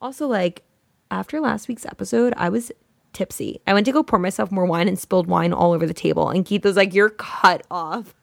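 A young woman co-hosting a podcast, talking casually and giggling as she reads out a story. Her voice has a gravelly fry to it. The sound is dry and close on a studio mic. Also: medium pitch, a little fast, no echo. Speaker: podcast co-host. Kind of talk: casual chat and reading a listener story.

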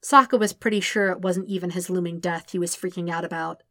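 A woman reading fan fiction aloud as a steady, measured audiobook narrator. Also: lowish voice, no echo, clean studio sound. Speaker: podfic reader.

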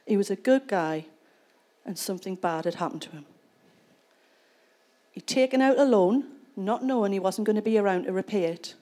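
A woman's voice: mid-range voice, moderate pace, pauses often, mellow. A woman preaching a sermon in church, retelling a scripture passage and explaining it in a conversational way. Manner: conversational storytelling, reads scripture then explains it.

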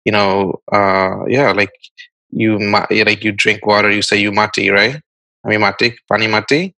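A male podcast host with a low voice and a bright, forceful edge to it. He talks in an easygoing, friendly way and thinks aloud as he chats. The sound is close and dry. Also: steady tone, normal speed, no room sound, poor audio. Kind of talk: casual conversational interview.

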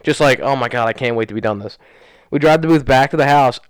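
A man's voice: medium pitch, no room sound. A young man co-hosting a podcast, rambling through a story in casual chat and leaning on "like" as he retells it. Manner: rambling, fast, lots of "like", animated retelling. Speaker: podcast co-host. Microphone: studio podcast mic.

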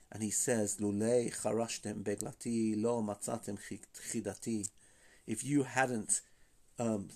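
A man's voice: mid-range voice, a little mellow. A man hosting a podcast, giving an informal Bible lesson in a conversational way, full of fillers and rhetorical questions, reading Hebrew verses aloud and translating them. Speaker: Bible teacher and podcast host.

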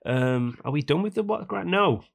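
A man's voice: a little high, expressive, normal speed, vocal fry. A man co-hosting a casual banter podcast, rambling and slipping into mocking voices. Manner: rambling, mimics people in skits. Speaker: podcast co-host.

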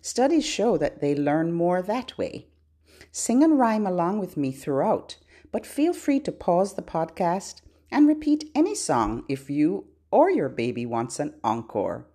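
A woman's voice: fairly low pitch, big pitch swings, measured pace, breathy edge. Sing-songy woman leading baby rhymes. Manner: gentle, playful, sing-songy, instructive. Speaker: baby podcast host. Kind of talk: sing-song children's rhymes and songs.

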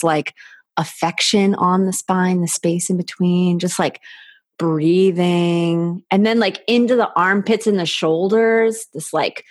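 Female podcast guest, lowish voice, slow halting soft delivery, dry close-miked sound. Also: no echo. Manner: slow, halting, soft, with many filler likes. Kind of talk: intimate conversational interview.

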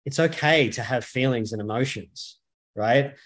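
A men's coach appearing as a guest in a podcast interview speaks bluntly and emphatically, swearing often. His mid-range voice is a bit bright and a little slow.

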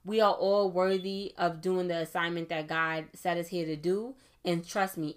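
A young woman hosting a faith podcast, talking fast and chatty, often checking in with listeners with a quick "okay?". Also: on the low side, fairly bright tone. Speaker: podcast host. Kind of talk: casual faith podcast monologue.

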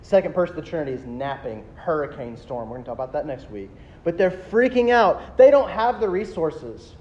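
A man, preaching a sermon as a pastor, emphatic and animated, slowing down to stress key words. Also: a little high. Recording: dull lo-fi sound with faint ambience.

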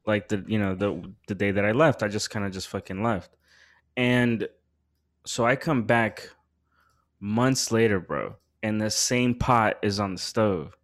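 Man, podcast host, casual chat, rambling, slangy, animated. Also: lowish voice, measured pace. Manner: rambling storytelling, heavy slang and swearing; animated, voice rising when worked up.

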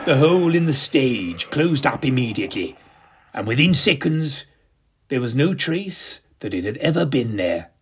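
A man's voice: mid-range voice, slightly rough. A man narrating a comic mystery in a theatrical, camp manner. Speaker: storyteller.

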